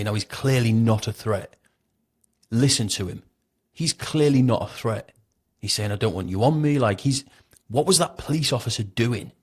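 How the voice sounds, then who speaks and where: Man, commentary host, blunt and indignant, lowish voice, mocking tone. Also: breathy edge. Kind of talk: opinionated commentary.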